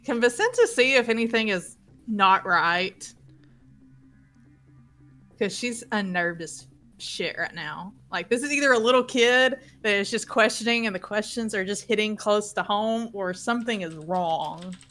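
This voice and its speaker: Woman player talking thru her character, chatty, laughs a lot, medium pitch. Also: a little slow, sharp tone, soft background music. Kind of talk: casual narration of a tabletop game.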